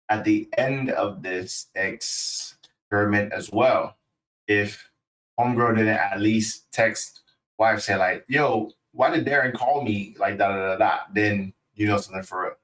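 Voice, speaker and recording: A man co-hosting a podcast in a laid-back way, thinking out loud with lots of fillers. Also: fairly low pitch, fairly even intonation, measured pace, recorded from a distance, low-quality recording. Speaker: podcast co-host. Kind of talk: casual podcast chat.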